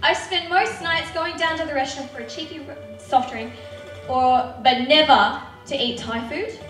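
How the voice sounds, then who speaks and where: A woman's voice: high-pitched, moderate pace, roomy sound, far from the mic, music in the background, poor audio. A woman telling a personal story on stage in a candid, conversational way. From Australia. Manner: candid, conversational, with small restarts. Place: theatre stage.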